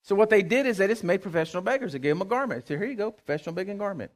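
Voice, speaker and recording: A man preaching a sermon, emphatic, with call-and-response, swinging from loud to hushed. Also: sits high, animated, rapid-fire. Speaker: pastor.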